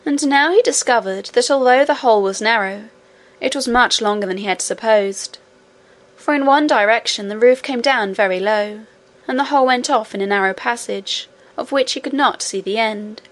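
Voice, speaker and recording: A woman narrating a children's fantasy novel aloud in a steady storybook manner. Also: a little high, moderate pace. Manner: steady storybook reading, voicing each character. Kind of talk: audiobook narration.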